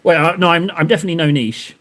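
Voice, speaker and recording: A young man rambles to his stream chat while he paints, joking at his own expense. His voice sits a little on the high side, and he talks in loose, looping sentences full of restarts. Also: rapid-fire, a bit bright. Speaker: live streamer painting miniatures. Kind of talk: casual live-stream chat.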